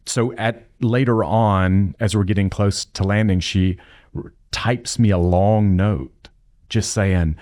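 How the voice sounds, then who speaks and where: A man's voice: lowish voice, steady tone, slow pace, a little mellow, no room sound, clean studio sound. A middle-aged man sharing a reflective personal story in a casual church conversation. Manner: reflective, anecdotal. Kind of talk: casual church podcast chat.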